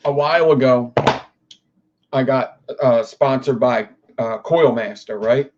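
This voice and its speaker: A man's voice: medium pitch, fairly even intonation, slow pace, a little mellow, dull audio. A young man hosting a livestream. He rambles in casual chat, swears freely and talks to his viewers. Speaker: livestream host.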